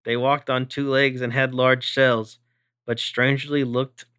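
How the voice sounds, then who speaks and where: A man co-hosting a podcast who reads scene directions aloud in a relaxed way. His voice is bright, slow and dry. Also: mid-range voice, smooth, dry recording. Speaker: podcast co-host. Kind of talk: reading scene narration aloud.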